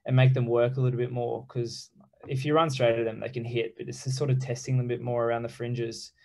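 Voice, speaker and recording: A young Australian man speaking as a guest in a relaxed interview, pausing often with ums and unhurried phrasing. His voice has a strong gravelly fry at a middle pitch. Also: low-quality recording. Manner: relaxed, halting with many ums, easy laughs. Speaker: professional rugby player, guest. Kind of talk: casual interview chat.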